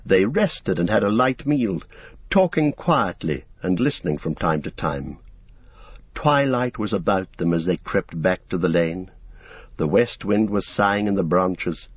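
A man reading a novel aloud as an audiobook narrator in a steady storybook manner. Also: low-pitched, measured pace, slightly rough, no echo. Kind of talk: scripted narration. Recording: dull, dry lo-fi recording.

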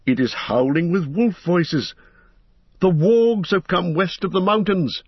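A man giving voice to a weary ranger, grim and earnest. He speaks heavily in a husky voice, on a dull lo-fi recording. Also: on the low side, unhurried, dry recording. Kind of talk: audiobook character reading.

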